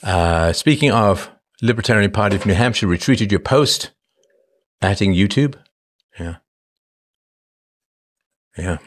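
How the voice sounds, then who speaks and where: Fifties male livestream host, low-ish voice, playful and jokey, casual chat. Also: animated, unhurried, pauses often. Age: 50s. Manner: playful, jokey, slips into silly put-on voices.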